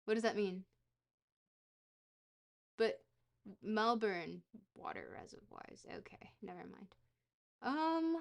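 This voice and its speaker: Speaking slowly, with a creaky medium-pitched voice and long pauses, this woman rambles through a geography guessing game on stream. She mocks herself and now and then breaks into excited yelling.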